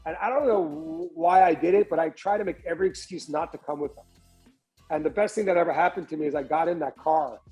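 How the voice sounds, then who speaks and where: A man's voice: fairly high pitch, quick pace, faint music behind, low-quality recording. A man, a restaurant entrepreneur telling his story as a podcast guest, often restarting and repeating words. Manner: animated storyteller who acts out other people's lines. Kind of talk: candid storytelling interview.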